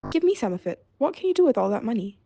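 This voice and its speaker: A woman voicing a cheeky, grasping soldier on gate duty in a read-aloud fairy tale, coaxing and familiar, with a creaky edge. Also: on the high side, very animated, very fast, mellow, dry recording, voice pushed up, heavily acted.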